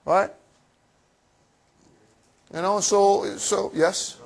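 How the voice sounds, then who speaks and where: A man giving a motivational finance seminar to a live audience in a room, energetic and cheeky, firing off rhetorical questions. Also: high voice, drawn-out words, gravelly. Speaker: seminar presenter.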